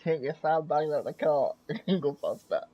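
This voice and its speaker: A man's voice: on the high side, normal speed, a crowd in the background. A man hosting a co-op racing game stream, chatting in a laid-back way and teasing his partner. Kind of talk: casual gaming banter. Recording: dull lo-fi mic.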